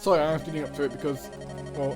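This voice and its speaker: Over music, a man casually comments while playing and reading through a video game, tossing in offhand asides in let's-play style. His voice is a little high and flat, and he talks rapid-fire.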